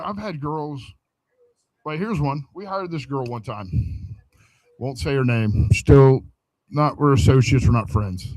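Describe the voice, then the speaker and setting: Man, podcast co-host, rowdy crude storyteller, acts out every line, middle pitch, dry close sound. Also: no echo, rough recording. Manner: profane, animated storyteller acting out quoted dialogue. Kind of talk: casual storytelling chat.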